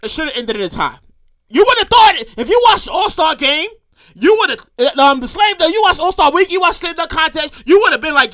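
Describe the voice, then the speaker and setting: Woman host, casual rant, animated, profane, sharp bright tone. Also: high voice, fairly quick. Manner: animated, profane, acts out quotes. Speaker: show host.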